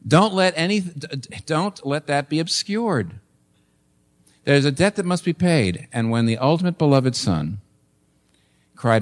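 A man's voice: medium pitch, expressive, unhurried, long pauses. A man preaching a sermon as pastor, emphatic, repeating phrases and asking rhetorical questions. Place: church.

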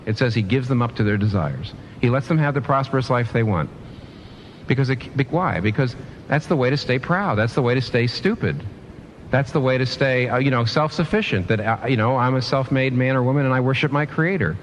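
A man preaching a sermon, animated, asking his listeners rhetorical questions and often restarting his sentences. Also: mid-range voice, brisk, a little hiss or hum. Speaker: pastor.

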